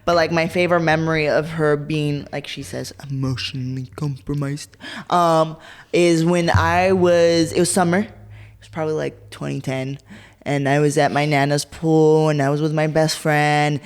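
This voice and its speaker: A woman's voice: low voice, moderate pace, clean tone. Giggly young woman telling stories. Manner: giggly, animated storyteller. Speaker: podcast co-host, daughter. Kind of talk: casual podcast chat.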